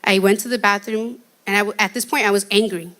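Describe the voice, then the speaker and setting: A shy woman giving an earnest, halting testimony in a church interview. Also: medium pitch, fairly even intonation, a bit bright.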